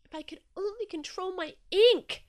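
A woman's voice: fairly high pitch, big pitch swings, normal speed. A woman voicing an anxious young male octopus in a storybook reading, fretful and repeating himself. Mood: tearful.

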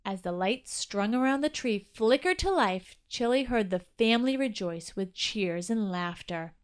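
A woman's voice: medium pitch, expressive, a little slow, clean tone. A woman narrating a children's Christmas story aloud.

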